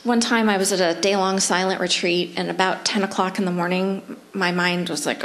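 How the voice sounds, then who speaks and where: A middle-aged woman with a Canadian English accent gives a mindfulness seminar. Her voice sits at an ordinary pitch and moves animatedly, with playful asides. When she guides breathing, she slows into soft, calm instructions. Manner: lively, animated, acts out her inner voice; slows to soft, near-whispered guidance during breathing practice. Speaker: psychology professor leading a seminar.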